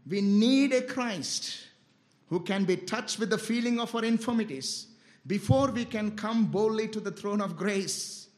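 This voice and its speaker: A man preaching a sermon with great passion, swinging between loud, high exclamations and low, quiet asides, often telling listeners to listen carefully. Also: unhurried.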